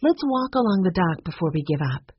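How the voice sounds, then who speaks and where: An eager, insistent girl sleuth, voiced by a woman reading a storybook. She pushes ahead impatiently with a lively, rising voice. The sound is slightly breathy and lo-fi. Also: fairly low pitch, fairly quick, no room sound.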